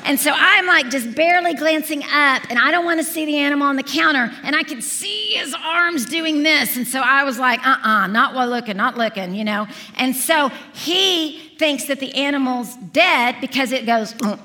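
A woman in her forties preaching, telling a lively story to a congregation and acting out the dialogue. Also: high voice, normal speed, few pauses. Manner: animated storyteller, acts out dialogue. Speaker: speaker at a church service. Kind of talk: storytelling sermon. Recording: reverberant hall.

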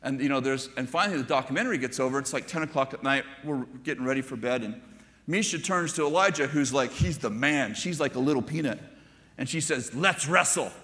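Older male pastor, conversational storytelling sermon, bright tone, hall echo. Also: mid-range voice. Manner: storytelling preacher, conversational asides to the congregation.

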